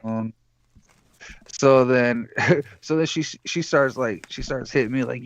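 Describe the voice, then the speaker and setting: A guest calling in from Michigan, USA, tells a long, profane, meandering story, playing the parts of the other people in it. His mid-range voice is smooth and unhurried, recorded without echo but with the high frequencies cut off.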